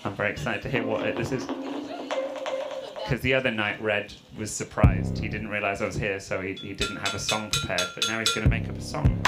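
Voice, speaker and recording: A man's voice: fairly low pitch, fairly quick, gravelly. A man, a comedian and freestyle rapper, doing playful, teasing crowd work on a club stage and laughing between quips. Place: comedy club stage before a live audience. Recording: live band music loud behind the voice.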